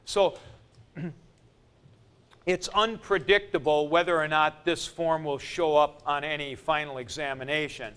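A man teaching a class, explaining forms step by step with fillers and pauses as he moves around the room. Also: fairly high pitch, steady tone, fairly bright tone, clean tone. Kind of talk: classroom lecture.

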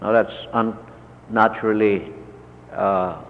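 A man, a Lutheran church leader, slowly recounting a personal story in a measured talk full of pauses. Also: on the low side, level tone. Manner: slow, measured, with many pauses and fillers. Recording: dull, lo-fi recording with long reverb.

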